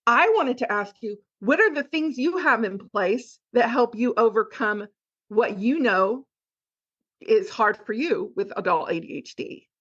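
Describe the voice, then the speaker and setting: A woman's voice: a little high, lively intonation, a little slow, fairly bright tone, dull audio. A woman hosting a casual podcast, asking questions and affirming her guest. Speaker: podcast host.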